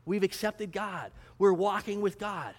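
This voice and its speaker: A man's voice: high voice, a little slow, long reverb tail. A male pastor giving a conversational sermon, posing questions and answering them, and acting out prayers in character. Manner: acts out prayers and a mock auction.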